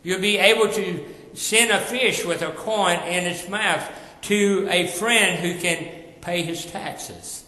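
A man preaching a sermon, emphatic, repeating phrases and dropping quiet at the ends of lines. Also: high-pitched, takes it slowly, roomy sound, big-room sound, poor audio.

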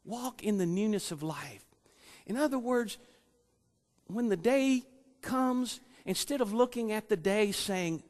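A man preaching a sermon, telling personal stories in an animated way and acting out the voices he quotes. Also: extremely high pitch, unhurried, long reverb tail. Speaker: lay preacher and schoolteacher.

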